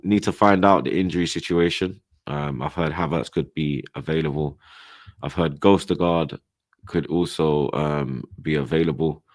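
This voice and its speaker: A young London man with a very low voice rants about football as host of a casual podcast. His talk is full of street slang and swearing, and it keeps climbing into loud, exasperated outbursts. The sound is dry and close, with almost no room around it. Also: moderate pace, dry recording. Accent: London, multicultural London English slang. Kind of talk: heated casual football chat.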